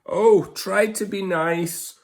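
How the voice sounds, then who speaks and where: A man voicing a big male lion who whimpers in fear in a high voice. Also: fairly even intonation, takes it slowly. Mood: pleading.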